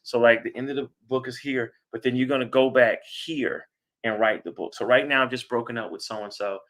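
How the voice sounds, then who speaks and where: A man talks straight to his viewers in an animated, sermon-like self-help lesson. His voice is bright and forceful, and he keeps addressing them as y'all while acting out their thoughts. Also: medium pitch, a little fast. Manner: animated, preacherly, calls the audience y'all, acts out quoted thoughts. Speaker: therapist and channel host.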